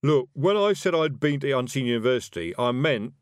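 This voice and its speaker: A man acts out a scruffy young male wizard, nervous and hesitant as he tries to calm things down in a storybook reading. The voice sits a bit higher than the reader's own, and the recording is close and dry. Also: brisk, smooth, no room sound, close to an everyday voice.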